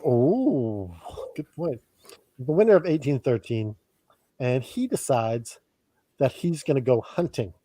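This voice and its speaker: Co-host, man, rambling joker, dry close mic, mid-pitched. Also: darkish tone, slightly rough, no echo. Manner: rambling, joking, laughs often. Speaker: podcast co-host. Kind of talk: casual chat.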